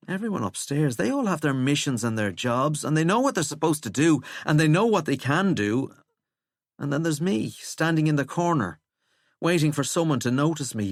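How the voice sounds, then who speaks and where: A man's voice: on the high side, no room sound, studio quality, voice pushed up. Man voicing an earnest, unsure teenage boy. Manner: earnest, hesitant.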